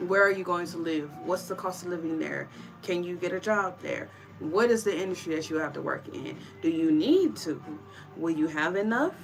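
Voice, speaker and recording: A woman with a somewhat low voice talks through a tarot reading in a relaxed, chatty way. She encourages her viewers warmly and calls them y'all. Faint music plays under her voice. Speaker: tarot reader.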